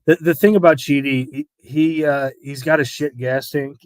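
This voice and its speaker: A man's voice: fairly high pitch, fairly even intonation, moderate pace, dry recording. A man giving betting analysis on a live stream, talking hesitantly with many fillers and repeated words. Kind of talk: casual live-stream chat.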